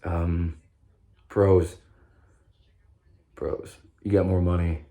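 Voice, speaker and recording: Deep-voiced man rambling casually. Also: steady tone, moderate pace, mellow. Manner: rambling, self-interrupting, swears casually. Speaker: vlogger sharing his recovery story.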